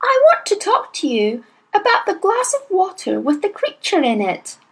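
A woman's voice: extremely high pitch, huge pitch swings, moderate pace, voice pushed up, exaggerated voice. A woman reading a storybook aloud, voicing an earnest little schoolgirl with eager, pleading urgency.

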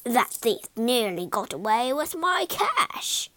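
Woman voicing a soft, grateful innkeeper; dry close recording. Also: on the high side, big pitch swings, slow pace, no room sound, full character voice. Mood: relieved.

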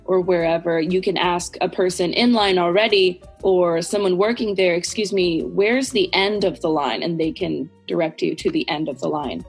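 A woman's voice: lowish voice, moderate pace, few pauses, breathy edge, soft background music. An American woman in a casual English lesson chat, explaining everyday phrases and acting out examples playfully. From United States. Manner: chatty, acts out example phrases with playful voices. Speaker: guest English teacher.

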